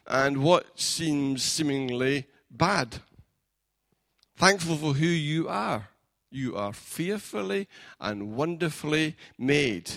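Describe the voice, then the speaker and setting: A man, a pastor preaching a sermon in a church, building from plain storytelling up to fervent shouting. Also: mid-range voice, no room sound.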